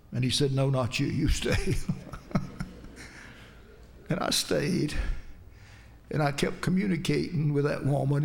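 Male preacher, gravelly and a touch high; earnest sermon storytelling with emphatic climbs. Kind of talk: sermon with personal testimony.

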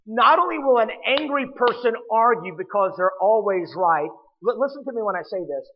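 High-voiced man preaching with emphasis. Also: expressive, fairly quick, hardly any pauses, slightly rough, big-room sound, muffled recording. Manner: emphatic, direct appeals to the congregation. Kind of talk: sermon.

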